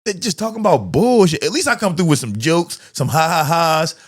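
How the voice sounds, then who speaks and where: Animated, profane man telling stories. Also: on the high side, brisk. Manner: profane, animated storyteller who acts out quotes. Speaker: podcast host. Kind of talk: casual storytelling chat.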